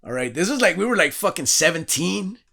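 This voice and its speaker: Gravelly, bright-voiced man telling rowdy stories. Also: high voice, very animated, fairly quick. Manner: profane, rowdy storytelling with acted-out quotes. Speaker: podcast host. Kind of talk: casual storytelling chat.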